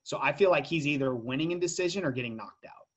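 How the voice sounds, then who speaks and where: Talking fast with lively intonation and a fairly high pitch, this man co-hosts a podcast and loosely discusses fight bets, restarting often and wandering onto tangents. The sound is lo-fi.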